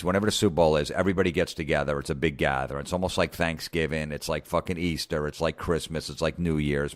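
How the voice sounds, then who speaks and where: A middle-aged man hosting a podcast, ranting in a profane, sarcastic way and mocking people with quick impressions. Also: sits low. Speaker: podcast host. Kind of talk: comedic rant.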